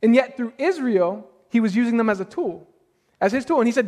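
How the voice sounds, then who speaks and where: A man preaching a sermon as pastor, animated and full of rhetorical questions to the congregation. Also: very high voice, fairly quick. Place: church sanctuary. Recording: long hall reverb.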